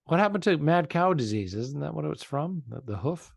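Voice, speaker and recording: A man from Rhode Island co-hosting a casual comedy podcast over a video call, rambling with halting restarts and fillers. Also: on the high side, sing-song, gravelly, husky, no room sound, clean studio sound. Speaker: podcast co-host. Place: remote call, traveling abroad.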